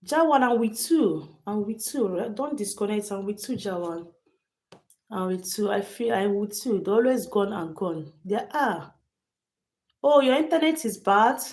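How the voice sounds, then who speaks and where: A woman's voice: mid-range voice, animated, unhurried, a little mellow. Emphatic woman livestreaming. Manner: emphatic, repeats phrases, addresses chat directly. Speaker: livestream host. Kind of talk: live chat storytelling.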